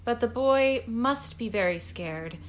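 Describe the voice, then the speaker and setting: A woman reading a story aloud as narrator, in a measured, even way. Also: on the high side. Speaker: audiobook narrator. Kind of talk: scripted narration.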